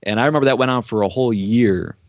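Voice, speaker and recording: A man's voice: mid-range voice, fast talker, no echo. A man preaching a sermon, telling stories in a conversational way with frequent filler words. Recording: dry, dull-sounding recording.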